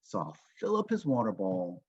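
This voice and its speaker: A man's voice: on the low side, huge pitch swings, normal speed, a little mellow, slightly rough. A man giving a motivational business training talk on a video call, telling a story and acting out what people say. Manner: storytelling with acted-out quotes. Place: home, Las Vegas. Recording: dull lo-fi call audio.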